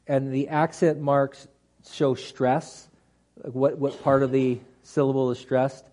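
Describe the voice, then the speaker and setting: A man's voice: mid-range voice, little pitch movement, slow pace, mellow. A man teaching a Bible study class to a group, talking through the text conversationally with restarts and dry humorous asides.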